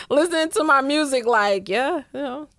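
A woman's voice: high voice, expressive, unhurried, a bit bright. A woman co-hosting a podcast in casual chat, swearing freely, laughing often and acting out her own angry outbursts. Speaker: podcast co-host.

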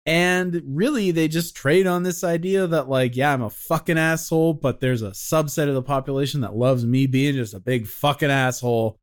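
A man's voice: fairly high pitch, steady tone, normal speed, hardly any pauses. A male podcast co-host talking in long, opinionated runs and swearing freely in casual chat.

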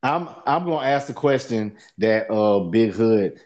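A man's voice: on the low side, animated, measured pace, darkish tone, highs cut off. A man co-hosting a casual podcast, talking in a blunt, profane, joking way. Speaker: podcast co-host. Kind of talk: casual chat.

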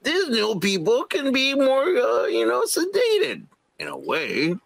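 A man's voice: extremely high pitch, huge pitch swings, takes it slowly, vocal fry, a bit bright. A man co-hosting a podcast, chatting casually and teasing his friend. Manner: laid-back, teasing. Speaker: podcast co-host. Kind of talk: casual banter.

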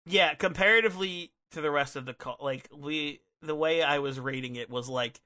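A man co-hosting a podcast, talking in a casual, excitable way with lots of fillers and restarts into a microphone. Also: fairly high pitch, moderate pace, few pauses. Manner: excitable, rambling with many fillers. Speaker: podcast co-host. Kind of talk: casual chat. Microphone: studio microphone.

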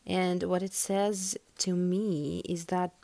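Woman podcast host, non-native English speaker, lowish voice, unhurried tarot-reading monologue. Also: little pitch movement, creaky, mellow. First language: not English. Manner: earnest, musing, full of "like" and "you know". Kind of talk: casual spiritual podcast monologue.

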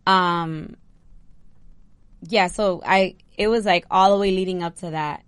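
A young woman, a bride, chatting casually and telling an animated story with lots of "like". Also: fairly low pitch, unhurried, clear, resonant tone, dry recording. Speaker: bride recounting her wedding. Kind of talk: casual chat.

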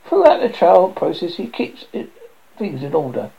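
A woman's voice: fairly low pitch, huge pitch swings, normal speed, gravelly, breathy edge, heavily acted. A woman voicing a thoughtful male pig juror who argues his case earnestly. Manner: earnest, reasoning. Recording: dull lo-fi recording.

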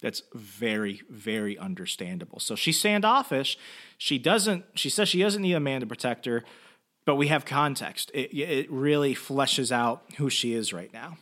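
A man's voice: mid-range voice, lively intonation, moderate pace, fairly bright tone. A man hosting a comic book podcast, retelling and reviewing an issue in a casual, chatty way full of fillers and asides.

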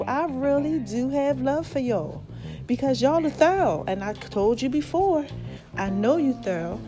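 A woman hosting her own podcast, talking to listeners in an affectionate, preachy way while slightly out of breath. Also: high voice. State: slightly out of breath, swollen throat. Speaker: podcast host. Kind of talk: casual motivational monologue.

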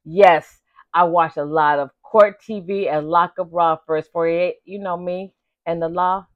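Woman in her forties, hoarse voice, chatty, calls listeners baby, lowish pitch, dull lo-fi dry sound. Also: steady tone, a little slow, dry recording. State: voice giving out, slightly hoarse. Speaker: vlogger. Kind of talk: casual chat to viewers.

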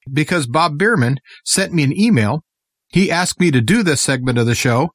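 A man's voice: fairly high pitch, fairly bright tone, no room sound, studio quality. Earnest folksy American radio man. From United States. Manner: earnest, folksy, fiery when he gets on his soapbox. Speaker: guest host of a radio talk show. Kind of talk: political radio commentary.

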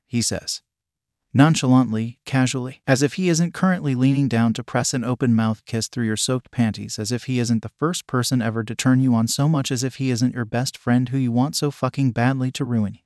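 A man narrating a second-person adult audio story in a soft, intimate way. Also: mid-range voice, fairly even intonation, brisk, no echo, studio quality.

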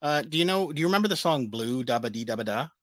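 Bright-voiced man sharing news. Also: medium pitch, expressive, fast, dry recording. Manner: reads out news items with many uh fillers. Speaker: co-host. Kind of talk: casual chat about comic and pop news.

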